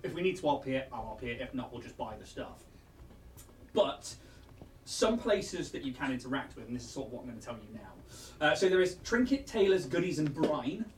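A man's voice: mid-range voice, sing-song, brisk, echoey room, recorded from a distance, a little hiss or hum. A man narrating a tabletop game as game master, chatty and casual with many fillers.

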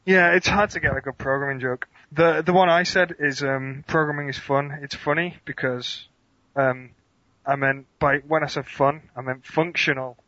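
A man, a podcast guest who answers quick-fire questions with dry, deadpan humor. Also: on the high side, no echo, highs cut off. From England.

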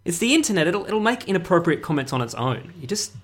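A man co-hosting a casual podcast chat, cracking crude, sardonic jokes in a flat tone. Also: high voice, fast talker. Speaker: podcast co-host.

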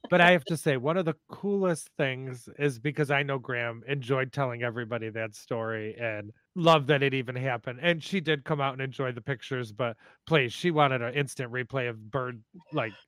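A man hosting a podcast, telling family stories in a casual, animated, profane way. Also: mid-range voice, normal speed, few pauses, no room sound. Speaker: podcast host. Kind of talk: casual storytelling.

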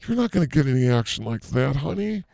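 A man's voice: mid-range voice, sing-song, fast talker, gravelly, dark tone, no room sound. A man playing a brash, flirty fake psychic healer in a comedy sketch, rambling through crude banter. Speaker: comedy show host.

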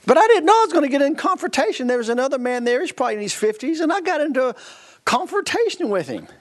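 Animated storytelling preacher in his fifties. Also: very high voice, quick pace. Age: 50s. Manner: animated, laughing often, trailing into restarts. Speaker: guest preacher. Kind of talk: storytelling sermon.

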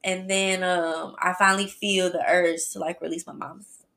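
A woman hosting a podcast, telling a personal story in a chatty, animated way and talking straight to her listeners. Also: lowish voice, moderate pace. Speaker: podcast host. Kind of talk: casual storytelling.

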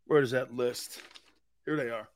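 A man's voice: medium pitch, steady tone, a little slow, slight background noise. A man hosting a sports talk show, brash and boisterous, laughing often as he riffs.

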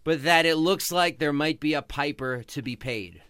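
A man's voice: a little high, normal speed, fairly bright tone, clean tone, dry recording. A man hosting a podcast, giving passionate, sarcastic sports commentary. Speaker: podcast host.

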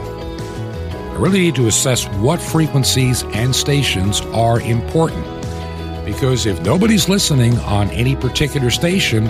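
Guy hosting a radio show, earnest, spelling stuff out, music playing under him. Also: medium pitch. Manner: earnest, repeats contact details slowly. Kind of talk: direct appeal to listeners. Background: music bed underneath.

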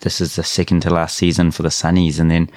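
A man hosts a podcast in an easygoing, slightly hesitant way, scattering "um" and "uh" through his questions. His voice is very deep, and the recording is dry and close with little room sound. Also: monotone, fast talker, a little mellow, dry recording. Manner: easygoing, hesitant with many "um" and "uh" fillers. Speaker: podcast host and translator. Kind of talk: casual chat.

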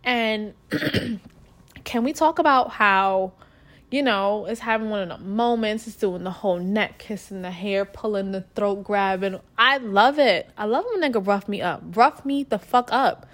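A woman's voice: mid-range voice, unhurried, fairly bright tone. A young woman from New York with a New York accent, telling a frank, crude personal story in a casual monologue to her listeners. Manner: blunt, crude and profane, talking straight to listeners.

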